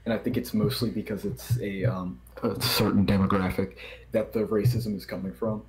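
A man with a Baltimore accent, speaking hesitantly and softly in casual podcast chat. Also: lowish voice, flat delivery, moderate pace, crowd noise, low-quality recording. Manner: hesitant, soft-spoken, trailing off.

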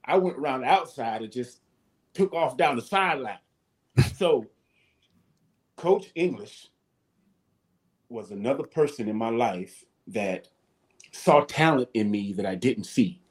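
A man, telling casual stories as a guest, animated and salty-tongued. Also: mid-range voice, slow, pauses often. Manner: animated, swears casually, acts out voices. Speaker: guest, former football player. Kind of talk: casual storytelling.

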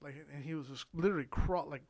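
A man's voice: a little high, quick pace, darkish tone. A young man telling a long story in a casual chat, rambling and swearing with lots of fillers and laughs. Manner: rambling, profane, filler-heavy, laughs often. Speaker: podcast co-host telling a story.

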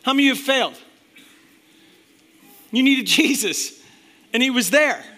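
A male pastor preaching a sermon to his church, impassioned, swinging between loud emphatic bursts and quiet, intense stretches. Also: very high voice, animated, moderate pace.

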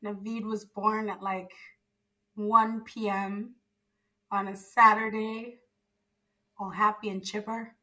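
Bright-voiced young woman telling her story. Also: mid-range voice, takes it slowly, pauses often, poor audio. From Zimbabwe. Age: young adult. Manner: animated storyteller, acts out quoted dialogue, frequent fillers. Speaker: guest. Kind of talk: casual storytelling interview.

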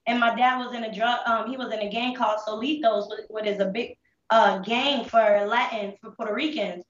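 High-voiced woman telling her story candidly. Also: steady tone, echoey room, recorded from a distance, muffled recording. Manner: candid street slang, halting restarts. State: holding back tears. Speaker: interview guest. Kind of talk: emotional personal testimony.

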